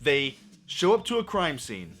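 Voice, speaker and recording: A man's voice: on the high side, huge pitch swings, measured pace, a bit bright. Guy ranting about a movie he hated, sarcastic and sweary, voice bouncing up and down. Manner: sarcastic and profane. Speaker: movie reviewer. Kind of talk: ranting spoiler review.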